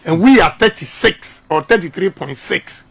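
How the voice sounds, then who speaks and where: A man's voice: high-pitched, expressive, normal speed, creaky, a bit bright, breathy edge. A middle-aged Ghanaian man giving an emphatic campaign speech that drifts between English and Twi and repeats his key points. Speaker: politician.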